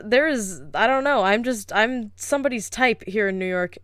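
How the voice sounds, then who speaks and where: A woman co-hosting a podcast, telling stories in an animated, profane way. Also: fairly high pitch, moderate pace, clean tone, dry recording, studio quality. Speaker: podcast co-host. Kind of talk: casual podcast chat. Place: lives in New York City.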